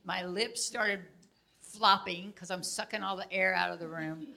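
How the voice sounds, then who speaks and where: Bright-voiced older woman teaching with laughter. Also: mid-range voice, measured pace, creaky. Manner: animated storyteller, laughs often. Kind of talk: casual teaching talk with personal stories.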